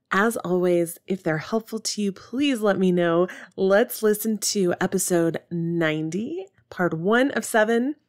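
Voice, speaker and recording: A woman's voice: mid-range voice, no echo, studio quality. A woman hosting her own podcast, speaking in an upbeat, chatty way straight to her listeners. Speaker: podcast host. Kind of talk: solo podcast monologue.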